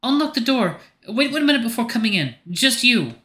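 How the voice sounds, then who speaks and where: A man's voice: extremely high pitch, sing-song, fairly quick, bright, forceful tone, echoey room, pitched above the performer's own voice, exaggerated voice. Man doing a guarded, secretive young woman. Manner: guarded, clipped requests.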